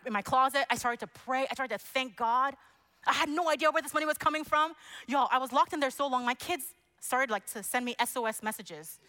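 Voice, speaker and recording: A woman preaching a passionate sermon that builds to loud exclamations. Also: on the high side.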